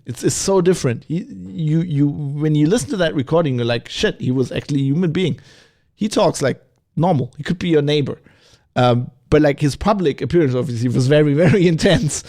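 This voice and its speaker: A middle-aged man hosting a podcast, talking in a rambling, animated way with many restarts and asides. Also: a little high. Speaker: podcast host. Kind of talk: opinionated solo podcast talk.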